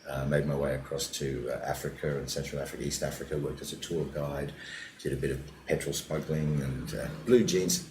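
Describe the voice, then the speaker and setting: Super deep aussie guy, older, comedian spinning stories in an interview, echoey room. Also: fairly quick, slight background noise. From Australia. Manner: animated anecdotes, drops to a low mutter. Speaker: comedian guest. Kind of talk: casual interview storytelling. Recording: echoey room with faint ambience.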